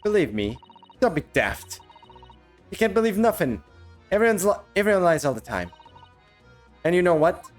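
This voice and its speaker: Game read: man voicing a defiant cockney young woman, blunt, raised pitch, lively delivery. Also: moderate pace, pauses often, soft background music. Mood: scornful. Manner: broad dialect, blunt and dismissive.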